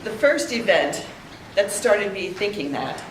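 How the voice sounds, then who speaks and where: An older woman giving a heartfelt memorial tribute, telling stories with pauses. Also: medium pitch, animated, background noise. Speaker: eulogy speaker. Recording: echoey room, heard from a distance.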